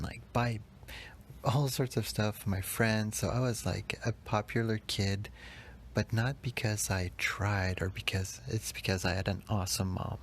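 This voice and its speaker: Podcast host, male, low gravelly voice, confessional and halting, slips into soft whispers. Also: slight background noise. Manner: emotional, halting, with restarts and soft whispered moments. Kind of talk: personal confessional storytelling.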